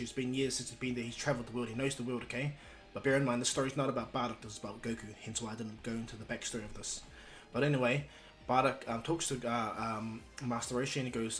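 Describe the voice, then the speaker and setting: A man's voice: medium pitch, fairly bright tone. A man narrating a fan-made story casually, rambling with many ums and restarts.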